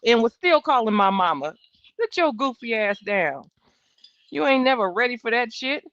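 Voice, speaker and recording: A woman's voice: on the high side, big pitch swings, moderate pace, fairly bright tone. A woman in her thirties hosting a live trial-watch stream, giving blunt, sassy, profane casual commentary. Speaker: livestream trial-watch host. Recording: dull, dry home stream audio.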